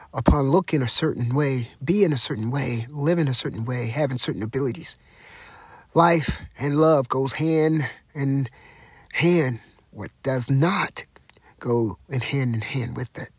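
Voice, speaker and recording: A man's voice: medium pitch, breathy edge, no echo. A man hosting his own talk show, giving an emphatic monologue that sounds like a sermon, hammering home the same phrases again and again. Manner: repetitive, emphatic, preacher-like. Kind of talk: impassioned solo monologue. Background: music.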